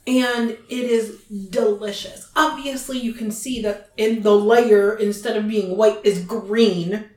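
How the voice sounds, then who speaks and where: A woman's voice: medium pitch, steady tone, slow pace, darkish tone, reverberant, poor audio. A woman co-hosting a podcast in casual, teasing chat that is often broken up by laughter. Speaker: podcast co-host.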